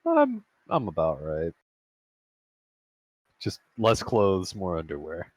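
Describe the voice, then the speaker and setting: A man's voice: sits low, huge pitch swings, slow pace, a little mellow, no echo. A man playing a tabletop game in an easygoing, joking manner. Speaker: player. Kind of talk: tabletop game play over voice chat.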